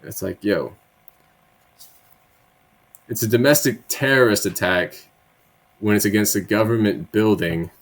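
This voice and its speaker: Blunt, profane man with a lowish voice. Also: unhurried, long pauses. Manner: frequent tag questions, conversational asides. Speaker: political commentary host. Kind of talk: reading bill text with casual commentary.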